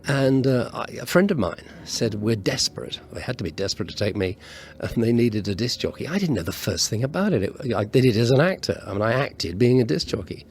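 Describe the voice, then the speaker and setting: A man, now a politician and once an actor turned DJ, recalling his time on the ship in a measured, wry way. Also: mid-range voice, big pitch swings, a little mellow, a little hiss or hum. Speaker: politician and former DJ. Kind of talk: reminiscing interview.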